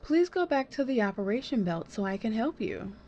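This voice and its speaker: A woman's voice: a little high, big pitch swings, fairly quick, warm tone, muffled recording, faint music behind. A woman reading the lines of an earnest android built to make humans happy, in a plain reading voice. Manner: reads game text aloud plainly.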